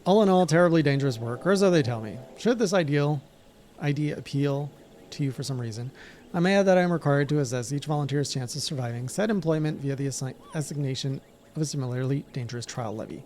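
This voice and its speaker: A man's voice: mid-range voice, fast talker, a little mellow, a little hiss or hum, lightly acted. A man voicing a bored, sardonic male guild clerk in a game, talking in a dry, wordy way.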